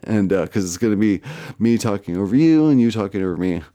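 Brief: podcast host, man, low dark voice, profane and laughing storyteller. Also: animated, fast talker. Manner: profane, laughs often while telling. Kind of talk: casual storytelling.

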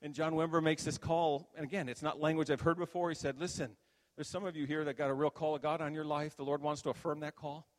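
A middle-aged man giving an animated testimony sermon as a pastor, acting out the voices in his story. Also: fairly high pitch, quick pace. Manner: animated storytelling, acts out quotes. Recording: long hall reverb.

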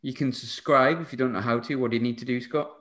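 A man's voice: mid-range voice, quick pace, echoey room. A man hosting a casual football podcast, joking and laughing with his co-hosts. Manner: joking, laughs often, lively banter. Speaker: podcast host. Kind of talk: casual chat.

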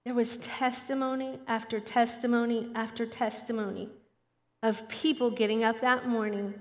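A woman delivers a Sunday sermon in a high, bright-pitched voice, animated and quick to slip into the voices of children. Her words ring out with a long reverb, as if she is speaking in a large hall. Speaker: preacher. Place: church hall.

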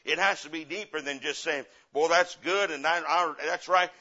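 Impassioned preacher man, bright, lo-fi. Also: on the high side, moderate pace, few pauses. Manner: impassioned, swings from loud to quiet, repeats phrases. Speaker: guest preacher, missionary. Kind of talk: sermon with personal stories. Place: church. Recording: dull lo-fi sermon recording.

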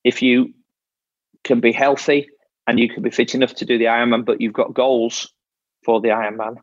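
A man's voice: medium pitch, flat delivery, moderate pace, no room sound, highs cut off. A man coaching an athlete in casual talk, explaining step by step and often restarting his phrases. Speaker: triathlon coach.

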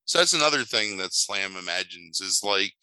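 A man's voice: deep voice, very animated, moderate pace, sharp tone, no room sound, low-quality recording. A man co-hosting a podcast in casual chat, sardonic and mocking, with frequent exclamations. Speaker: podcast co-host.

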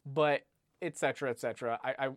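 A man in casual chat, talking through a book in a rambling, animated way, full of restarts and "like". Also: medium pitch, quick pace, dry recording, studio quality. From United States. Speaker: podcast co-host discussing a book.

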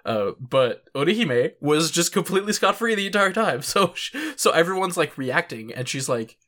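A man's voice: fairly high pitch, animated, moderate pace, a bit bright. A man co-hosting a casual podcast chat, rambling with lots of filler words, swearing and chuckling as he goes. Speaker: podcast co-host.

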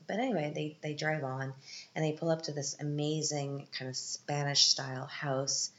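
A woman's voice: a bass voice, fairly even intonation, normal speed, sharp tone, slight background noise. A woman hosting a podcast, recapping a film in a casual, chatty way with joking asides. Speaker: podcast host. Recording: roomy, dull lo-fi sound.

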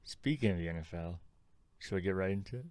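A man's voice: sits low, quick pace, darkish tone, no echo. A young man co-hosting a sports podcast, teasing his friend and moving the chat along. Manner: teasing, steers the conversation. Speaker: podcast co-host. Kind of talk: casual chat.

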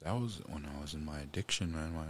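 A man recounting a personal story, halting and restarting often, speaking of God and blessing. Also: very deep voice, background noise. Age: adult parent. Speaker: guest.

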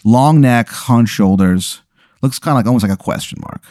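A man hosting a podcast, spinning an improvised comic story in a loose, animated way, full of "like" and swearing. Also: mid-range voice, normal speed, dry recording, clean studio sound. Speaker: podcast host.

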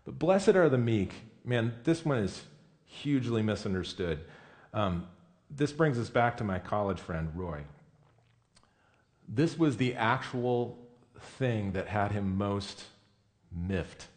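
A man's voice: fairly low pitch, animated, slow pace, darkish tone. A man preaching a sermon in a conversational, emphatic way, often correcting himself mid-sentence. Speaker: pastor.

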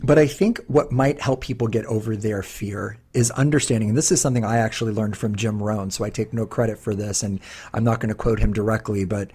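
A man in his fifties co-hosting a podcast, telling stories in a casual, animated way with lots of fillers. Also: on the low side, a little fast, slightly rough. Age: 50s. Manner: animated storyteller, many fillers. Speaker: podcast co-host.

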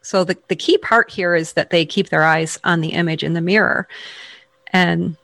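A rehabilitation expert explaining a treatment step by step in conversation, with quick small restarts. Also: medium pitch, steady tone, vocal fry, bright, forceful tone, no echo.

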